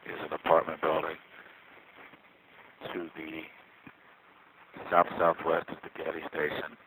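A man's voice: rumbling low, completely flat delivery, unhurried, vocal fry, fairly bright tone, rough recording. A man at a street payphone making a rambling, self-mocking sound check through the handset. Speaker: field recordist. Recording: static-laden payphone line with street noise. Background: traffic, car alarm, subway.

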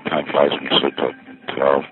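Very deep, flat-voiced New man. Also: normal speed. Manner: wry, chatty, thinking aloud. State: a little winded. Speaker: payphone vlogger. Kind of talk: rambling first-person walkthrough. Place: ferry terminal, indoors, busy. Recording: tinny lo-fi with faint background noise.

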